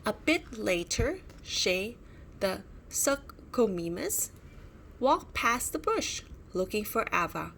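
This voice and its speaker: A woman's voice: mid-range voice, sing-song, takes it slowly, creaky, a bit bright, a little hiss or hum. A woman reading a children's bedtime story aloud with expression and pointing out the pictures as she goes.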